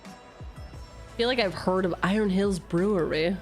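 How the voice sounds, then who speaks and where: Woman streamer, mid-pitch voice, playful and self-mocking, cursing casually, faint music underneath. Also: unhurried, pauses often. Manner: playful, self-mocking, swears freely, jumps between jokes and reading. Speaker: streamer opening card packs. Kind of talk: casual live-stream chatter, reading card text aloud.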